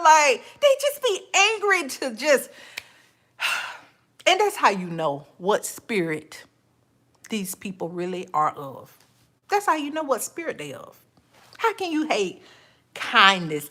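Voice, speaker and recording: A podcast host with a high voice delivers a casual, faith-based monologue. She's animated, laughs easily, and addresses her listeners as "honey" and "child."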